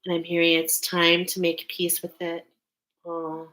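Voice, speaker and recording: A woman delivers a live channeled reading, speaking slowly and with many pauses. Her voice sits somewhat low. She keeps breaking off to check in with "okay" before carrying on. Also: completely flat delivery, fairly bright tone, rough recording. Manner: halting, often checks in with "okay". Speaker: intuitive reader.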